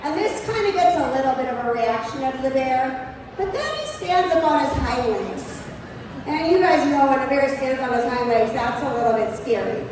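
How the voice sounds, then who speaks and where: A woman presenting at an outdoor show, telling a comic story to a live audience in an animated, chatty way. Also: high-pitched, normal speed. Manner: animated, chatty, lots of "like" and "you know". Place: large exhibition hall. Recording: echoey hall from far off, noisy background.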